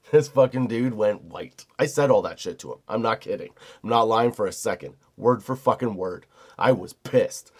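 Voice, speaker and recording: Podcast host, middle-aged man, low-pitched, profane heated storyteller. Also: normal speed, breathy edge. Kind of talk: storytelling monologue.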